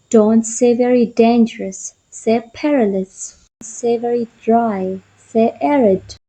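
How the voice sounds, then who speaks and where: Slow, high-voiced woman teaching vocabulary. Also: mellow, low-quality recording. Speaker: English teacher. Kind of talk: scripted vocabulary lesson.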